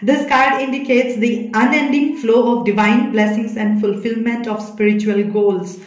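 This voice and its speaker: A woman giving a spiritual tarot reading, speaking softly and emotionally, consoling her listeners with many pauses and fillers. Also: on the high side, steady tone, echoey room, poor audio. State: emotional, holding back tears. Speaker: tarot reader.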